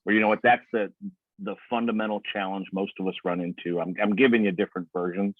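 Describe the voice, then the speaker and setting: A man coaches on a video call in a loose, chatty way, slipping into little voices for the quotes he gives. His voice sits fairly low. It comes through a tinny, phone-like line with no room sound. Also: fairly even intonation, fast, no echo. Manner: conversational, acts out quoted speech in other voices. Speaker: sales trainer.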